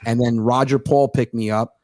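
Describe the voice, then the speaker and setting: A man in his thirties, a comedian telling stories in a fast, profane, sarcastic casual chat. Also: mid-range voice, fairly even intonation, warm tone, no room sound, studio quality. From United States. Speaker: comedian guest.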